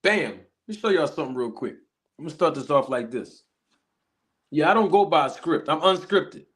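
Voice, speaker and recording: A man hosting a live stream, chatting casually and giving animated shout-outs to viewers. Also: on the high side, fairly quick. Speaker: livestream host.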